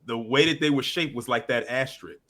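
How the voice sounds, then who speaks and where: A man's voice: mid-range voice, fairly quick, a loud crowd. A man on a podcast animatedly retelling movie scenes, stammering through restarts. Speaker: podcast co-host. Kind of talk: casual movie review chat.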